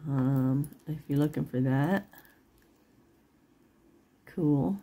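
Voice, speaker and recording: A woman's voice: on the low side, slow pace, long pauses, mellow. A middle-aged woman selling jewelry online in casual, rambling chat, laughing often and apologizing after she curses. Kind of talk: casual live-sale chat.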